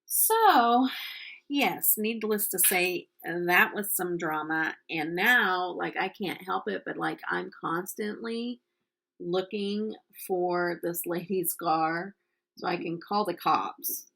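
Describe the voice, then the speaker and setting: A woman's voice: fairly low pitch, slow pace, vocal fry, fairly bright tone. A middle-aged woman from the United States chatting casually while doing her makeup, telling a story with lots of ums. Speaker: makeup vlogger.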